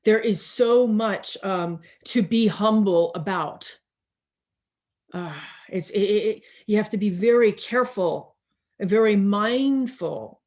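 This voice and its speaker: A woman minister gives a gentle, meandering sermon over a video call, her pitch sitting in an ordinary middle range. She speaks slowly and reflectively, often pausing and restarting her sentences, and a tiredness runs under her words. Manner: slow, reflective, with many restarts and pauses.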